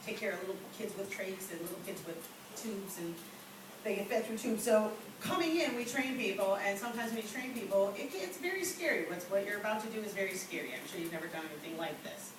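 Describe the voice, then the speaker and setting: A middle-aged woman doing a stand-up comedy set with chatty storytelling and deadpan asides. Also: mid-range voice, fast, background noise. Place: comedy venue with live audience. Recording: echoey distant amateur room recording.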